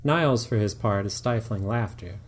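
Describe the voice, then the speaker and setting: A man reading scripted narration of a story in a measured, descriptive way. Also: on the low side. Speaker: storyteller and writer.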